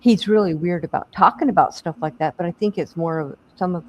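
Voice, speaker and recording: A woman's voice: lowish voice, brisk, a little mellow, dull audio, slight background noise. A middle-aged woman hosting a bingo stream, chatting casually and laughing as she calls out winners. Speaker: stream host. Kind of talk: casual chat.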